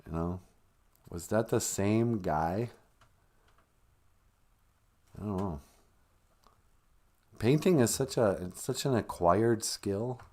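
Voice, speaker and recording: A man's voice: fairly low pitch, slow pace, pauses often, mellow. Rambling male live-stream host. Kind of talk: comedic live-stream chat.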